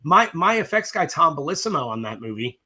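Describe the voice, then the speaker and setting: A middle-aged man, a film director, telling profane, lively stories in an interview and acting out both sides of conversations. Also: fairly high pitch, a little fast. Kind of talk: animated storytelling in a casual interview.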